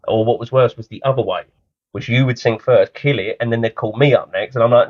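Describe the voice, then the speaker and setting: A man's voice: mid-range voice, fairly quick. A man, co-hosting a podcast and telling self-mocking stories in casual chat. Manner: storytelling, self-mocking, laughs often. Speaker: podcast co-host. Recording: dull lo-fi podcast audio.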